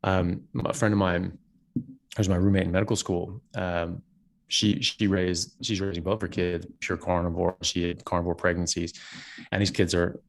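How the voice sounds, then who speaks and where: A man who is a doctor, a guest on a podcast interview, telling stories in an animated way with frequent restarts. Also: low voice, normal speed. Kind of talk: casual interview conversation.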